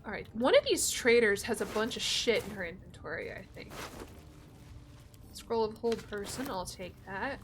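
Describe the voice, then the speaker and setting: A woman's voice: medium pitch, very animated, normal speed, slight background noise. A young woman streaming a game, chatting casually with her viewers and swearing freely. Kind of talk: casual gameplay commentary.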